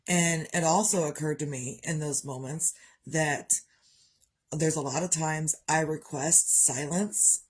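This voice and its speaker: A woman's voice: low-pitched, slow pace. A woman talking frankly to camera in a rambling personal monologue, swearing freely and coughing now and then. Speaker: vlogger.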